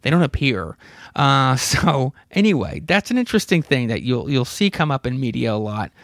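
A man's voice: mid-range voice, big pitch swings, normal speed, a bit bright, dry recording, clean studio sound. A man in his thirties hosting a podcast, casually retelling a comic story with rambling, profane asides and chuckles. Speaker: podcast host. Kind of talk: casual comic book recap.

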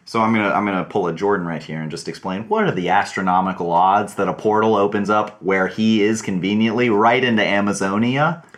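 Low-voiced man leading a casual movie chat. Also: a little fast, few pauses. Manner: teasing, leads the discussion. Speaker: podcast host.

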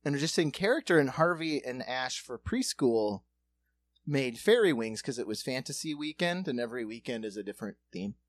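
Animated, profane man telling a story. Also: medium pitch, no room sound. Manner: animated, profane, slips into quick character voices. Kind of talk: casual storytelling chat.

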